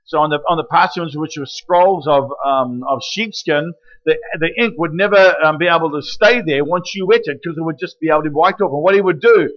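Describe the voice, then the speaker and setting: A man preaching a sermon in a lively teaching manner, often checking in with questions like "right?" and "okay?". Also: fairly high pitch, a little fast. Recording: dull lo-fi recording.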